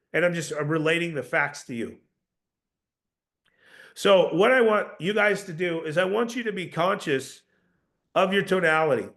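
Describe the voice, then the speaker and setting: Gravelly confident sales coach. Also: male voice, sits high, a bit bright. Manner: confident, emphatic, repeats words when starting. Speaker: sales trainer.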